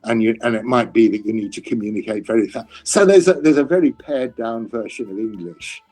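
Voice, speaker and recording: A man's voice: medium pitch, a little fast, darkish tone, soft background music. An older man, a classics scholar, speaking in a conversational interview with many restarts and a dry, self-mocking humor.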